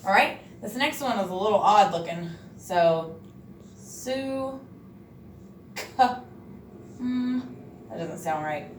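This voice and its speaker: A woman teacher running a reading lesson, encouraging and sounding words out slowly. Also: lowish voice, animated, a little hiss or hum. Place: classroom. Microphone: far camera. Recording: echoey room from far off.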